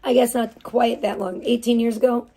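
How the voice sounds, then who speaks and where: A woman's voice: fairly high pitch, level tone, moderate pace, dark tone, slight background noise. A woman live streamer in a casual, heated rant, swearing often and rambling with restarts. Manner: profane, heated ranting.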